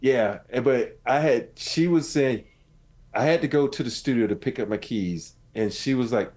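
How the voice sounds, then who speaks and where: A man in his fifties co-hosting a podcast, chatting casually with an everyday pitch. He tells his stories with animation, acting out both sides of an argument. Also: normal speed. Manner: animated storyteller, acts out his own and his wife's yelling in a high voice. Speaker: podcast co-host. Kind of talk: casual chat.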